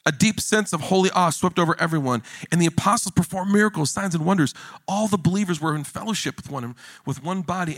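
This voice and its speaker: Male pastor with a high, bright voice, animated jokey sermon delivery, dry close sound. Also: no echo. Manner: animated, jokey preaching with rising emphasis.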